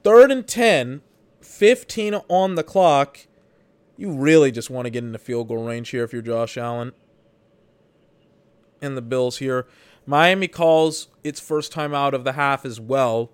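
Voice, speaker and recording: A man's voice: medium pitch, fairly even intonation, moderate pace, smooth. A man giving rambling, exasperated commentary while he watches a football game for his podcast, swearing now and then. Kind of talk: live watch-along commentary.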